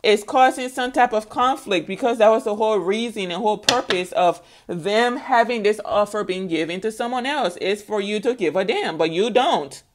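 A woman's voice: mid-range voice, moderate pace, hardly any pauses. A woman giving a spiritual tarot reading in a chatty, playful way, laughing often and talking straight to her viewers. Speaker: tarot reader.

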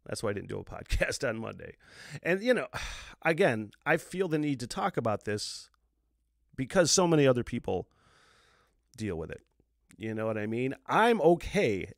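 A man's voice: medium pitch, dry recording, clean studio sound. A man hosting his own solo podcast in a casual, rambling way, swearing freely and chuckling between thoughts. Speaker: podcast host.

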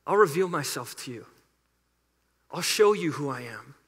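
A man voicing a calm, gentle male deity who speaks in soft assuring tones. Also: a little high, normal speed, in a large hall, voice pushed down. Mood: reassuring.

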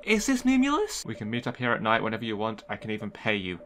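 A man's voice: on the low side, level tone, very fast, pushed and bright. A man streaming a game, joking and reading the on-screen text aloud with sarcastic asides. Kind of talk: game commentary.

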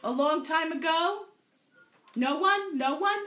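A woman's voice: extremely high pitch, lively intonation, slow pace, sharp tone, roomy sound. A playful woman leading a live group storytelling session, encouraging her participants and joking about tongue twisters. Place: indoor room, also streamed to Facebook.

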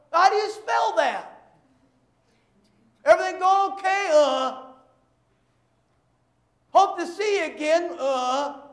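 A man preaching a sermon as pastor, emphatic and repetitive, acting out quick bits of dialogue to make his points. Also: very high voice, a bit bright. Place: church. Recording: echoey church sanctuary.

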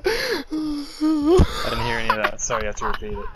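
A man's voice: very high voice, wildly swooping pitch, normal speed. A man in online game voice chat, answering threats with dry, mocking taunts. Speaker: other player. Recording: noisy voice chat line.

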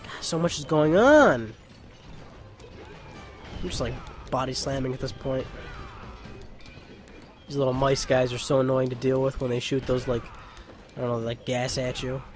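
A man's voice: mid-range voice, normal speed, long pauses, soft background music. A young man giving casual, rambling, joking gameplay commentary into a home mic. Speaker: let's play host. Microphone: home mic with pop filter.

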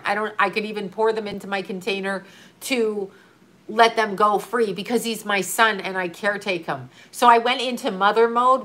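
Bright-voiced woman, earnest and urgent. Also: mid-range voice. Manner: earnest, urgent, repetitive coaching with occasional swearing. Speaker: grieving mother giving advice to another mother. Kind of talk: emotional casual talk to a viewer.

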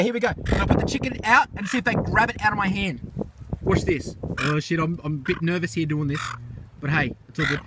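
A man giving excitable running commentary on camera while feeding birds outdoors, often exclaiming and repeating himself. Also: sits high. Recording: noisy outdoor recording with birds.

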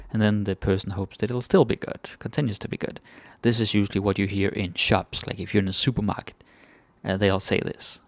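A man's voice: fairly low pitch, gravelly, dry recording. A Danish man teaching phrases in a casual, chatty lesson, repeating each one with varied intonation. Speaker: language teacher.

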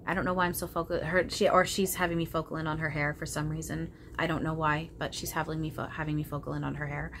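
A woman channeling spirits aloud in a soft, hesitant way, with frequent ums and casual swearing. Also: low voice, little pitch movement, fast, hardly any pauses, a little hiss or hum.

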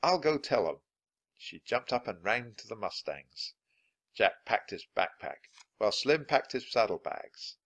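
A man reading a children's chapter book aloud, with clear, expressive narration. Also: lowish voice, a little slow, muffled recording. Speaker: storybook reader.

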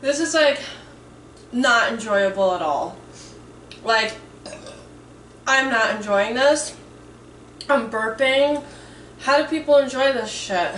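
A woman's voice: a little high, takes it slowly, pauses often, a bit bright, slight background noise. A woman around thirty vlogging casually at home, nervous, swearing freely and saying "like" a lot. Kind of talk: casual chatty vlog. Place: home kitchen. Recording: echoey room, mic some distance off.

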